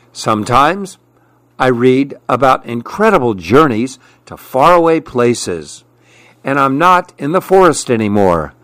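A man reading children's storybooks aloud in a gentle, expressive way with playful emphasis. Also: medium pitch, dry recording.

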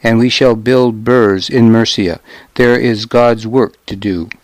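A man's voice: medium pitch, steady tone, slow, dry recording, lightly acted. A man voicing a stern, pious young king in an audiobook.

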